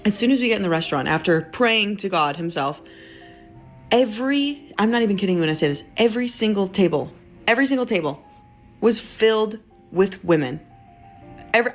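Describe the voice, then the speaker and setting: A woman's voice: a little high, fairly bright tone. A young woman telling a candid, self-mocking story to camera, swearing freely. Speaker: social media poster.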